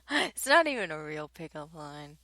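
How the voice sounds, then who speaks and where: A young woman hosts a homemade radio show, reading segment intros at a slow, unhurried pace. Her voice is bright and crisp, recorded close and dry. She keeps giggling, stumbling and laughing at her own mistakes. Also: low-pitched, big pitch swings, no room sound. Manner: giggly, stumbling over lines, self-mocking. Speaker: student radio host. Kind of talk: casual blooper-filled radio announcements.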